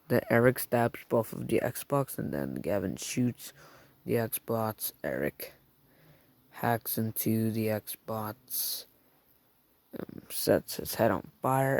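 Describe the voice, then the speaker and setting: Male reviewer, chatty recap; lively pitch, unhurried delivery, dry close sound. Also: vocal fry, no room sound. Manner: rambling, chatty retelling with mouth sound effects. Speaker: show reviewer. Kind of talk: casual scene-by-scene recap.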